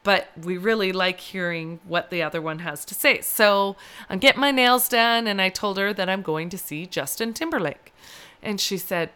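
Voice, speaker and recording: A woman's voice: mid-range voice, moderate pace, bright, forceful tone, clean tone. A middle-aged woman co-hosting a casual chat, telling stories at length and laughing often. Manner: chatty storyteller, laughs often. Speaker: podcast co-host.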